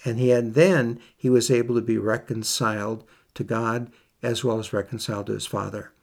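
A man's voice: mid-range voice, flat delivery, normal speed, gravelly, a little mellow. A man preaching a sermon, reading scripture aloud and repeating key phrases for emphasis. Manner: reads scripture in King James wording.

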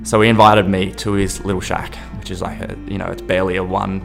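A man's voice: low-pitched, level tone, vocal fry, fairly bright tone, faint music behind. A man recounting a personal experience, often stopping and restarting his sentences. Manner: halting, restarts mid-sentence. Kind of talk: personal anecdote.

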